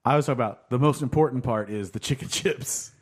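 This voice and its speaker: A young man from Oklahoma talking loosely on a podcast, easygoing and quick to laugh, with a middle-pitched voice. He drops casual curses as he goes. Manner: laid-back, laughs often, swears. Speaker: podcast co-host.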